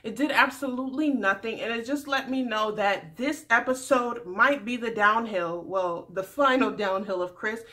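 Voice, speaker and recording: A young adult woman recapping a reality TV episode in a sassy, animated casual vlog. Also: fairly high pitch, moderate pace, hardly any pauses. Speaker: recap vlogger.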